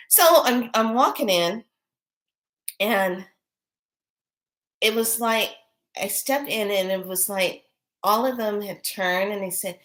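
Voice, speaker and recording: A woman's voice: medium pitch, measured pace, pauses often, a bit bright. A middle-aged woman, a priestess, telling a personal story in casual chat, breathless and full of wonder-struck exclamations.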